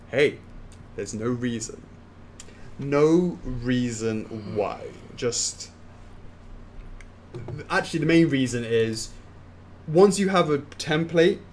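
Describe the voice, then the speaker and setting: A man's voice: medium pitch, darkish tone, a little hiss or hum. A man hosting a casual Q&A stream, reading viewer questions aloud and answering them offhand. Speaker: host answering fan questions. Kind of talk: casual livestream Q&A.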